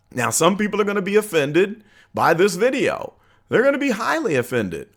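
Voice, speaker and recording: Lively conversational man vlogging his opinions. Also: on the high side. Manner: earnest, conversational, with frequent uh and um pauses. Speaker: political commentary host. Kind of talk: opinion vlog monologue.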